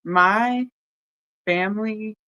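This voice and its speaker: Smooth, dry-voiced podcast host talking candidly. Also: medium pitch, bright, forceful tone, no room sound, low-quality recording. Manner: candid, talks straight to listeners, often checks in with "right?"; pauses with frequent ums. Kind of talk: casual heartfelt podcast monologue.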